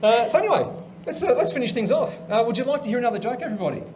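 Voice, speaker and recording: A man's voice: very high-pitched, animated, rapid-fire, heavy background noise. A man hosting a comedy show, chatty and telling jokes, laughing at his own punchlines. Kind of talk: stand-up joke telling.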